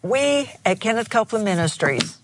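A woman's voice: a little high, lively intonation, moderate pace. A woman minister co-hosting a televised preaching broadcast, telling stories and exhorting earnestly. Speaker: minister and co-host.

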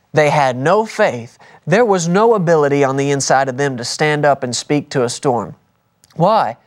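A man preaching a broadcast sermon, stressing points by repeating words and dropping his voice soft for key lines. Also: on the high side.

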